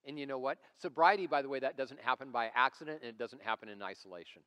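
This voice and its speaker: A man's voice: medium pitch, quick pace, a bit bright, clear, resonant tone. A man in his forties preaching a sermon as lead pastor, conversational and storytelling with self-deprecating humor, recorded live in a church. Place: church sanctuary. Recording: church hall reverb.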